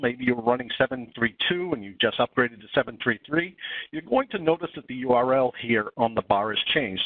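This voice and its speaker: A man with a Boston accent presenting a software webinar demo in a casual, filler-heavy way. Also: medium pitch, dry recording. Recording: dry phone-line audio.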